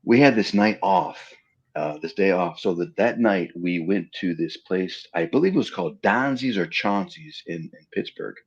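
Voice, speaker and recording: Gravelly, husky man telling stories. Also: low-pitched, normal speed, highs cut off. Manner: animated storyteller acting out quoted dialogue. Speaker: interview guest. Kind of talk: casual storytelling interview.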